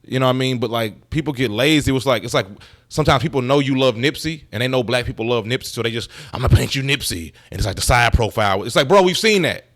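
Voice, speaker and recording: A man talks loosely through his own commentary, joking, swearing and wandering into side stories. The sound is dry and close, with no room echo. His pitch sits at an ordinary male middle. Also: fast talker, fairly bright tone. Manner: joking, profane, rambling asides. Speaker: commentary channel host. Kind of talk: casual commentary.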